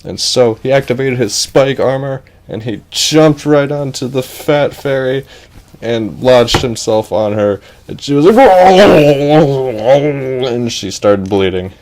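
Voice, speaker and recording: A man's voice: medium pitch, measured pace, darkish tone. Rambling man making up a silly story. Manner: rambling and offhand, with asides and restarts. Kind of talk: improvised comic storytelling.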